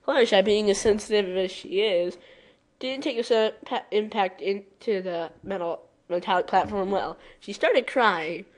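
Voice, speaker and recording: A woman's voice: mid-range voice, moderate pace, a little hiss or hum. A woman reading a fan fiction aloud, breaking off often for exasperated, sarcastic asides. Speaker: story reader.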